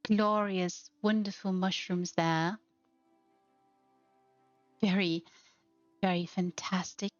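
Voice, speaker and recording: A woman's voice: on the low side, fairly even intonation, takes it slowly, pauses often, no room sound, muffled recording, soft background music. A woman hosting a narrated house tour, gushing with effusive praise. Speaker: host.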